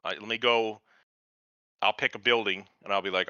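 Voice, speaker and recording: A man's voice: fairly low pitch, steady tone, normal speed, sharp tone, no echo, highs cut off. A man in casual podcast chat, rambling and profane, acting out the voices of people he describes. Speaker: podcast host.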